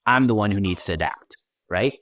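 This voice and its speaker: A man's voice: on the low side, lively intonation, fairly quick, fairly bright tone, no room sound. A man from Washington D.C. talking through his thoughts in a podcast interview, often checking in with "right?". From Washington D.C., United States. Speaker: guest content creator.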